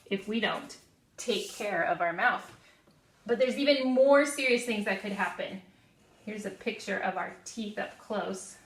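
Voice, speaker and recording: A woman's voice: mid-range voice, a bit bright. A woman giving a lesson to first graders, drawing out her words and having the class repeat after her. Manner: slow, drawn-out, call-and-repeat teaching. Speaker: guest teacher. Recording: echoey room, voice from a distance.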